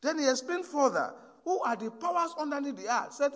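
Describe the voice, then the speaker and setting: Preacher, high lively voice. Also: male voice, fairly quick, big-room sound. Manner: storytelling, swings from hushed to loud exhortation. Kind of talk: sermon.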